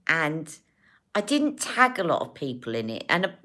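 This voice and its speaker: A woman's voice: low-pitched, big pitch swings, measured pace, pushed and bright. Chatty woman hosting a beauty livestream. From United Kingdom. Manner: chatty, affectionate, emotional, rambling. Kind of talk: casual livestream chat with viewers.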